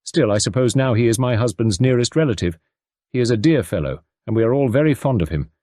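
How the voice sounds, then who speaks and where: A man's voice: mid-range voice, expressive, quick pace, dark tone, dry recording, clean studio sound, natural voice. A man voicing a worried upper-class mother with urgent, pleading speech in an audiobook reading. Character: anxious upper-class English mother, earnest.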